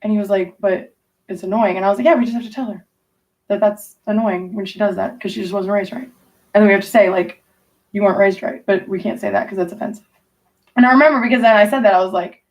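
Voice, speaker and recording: A woman's voice: mid-range voice, fairly even intonation, fast, recorded from a distance. A woman telling rambling, profane stories in casual chat with her stream audience. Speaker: livestreamer talking to chat.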